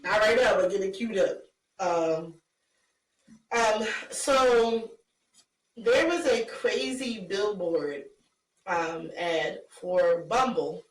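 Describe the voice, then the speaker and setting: A woman co-hosting a loose talk show, blunt and quick to laugh, filling her pauses with "um". Her voice sits mid-height and sounds off-mic. It echoes in a roomy space with a faint hiss behind it. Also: medium pitch. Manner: blunt, laughing, many fillers. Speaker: podcast co-host. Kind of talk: casual chat. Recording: echoey room from far off, faint noise.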